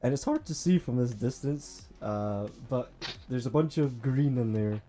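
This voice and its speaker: A man, narrating as game master with rough, swearing banter and frequent laughs. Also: mid-range voice, a little slow, mellow, soft background music. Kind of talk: narrating a tabletop role-playing game.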